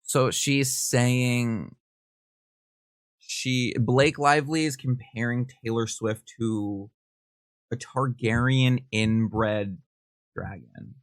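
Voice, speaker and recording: A man's voice: mid-range voice, no room sound, studio quality. Chatty man reading gossip texts. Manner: animated, gossipy, reads texts aloud with quick asides and laughs. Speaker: podcast host. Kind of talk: casual reaction commentary.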